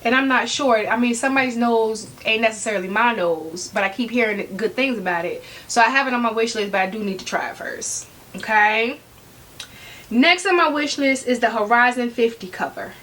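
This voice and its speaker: A woman talks casually to the camera as a vlogger, her voice sitting a little high. She is sassy and animated, addressing viewers directly and tossing in "okay?" to keep them with her. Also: brisk. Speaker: fashion vlogger.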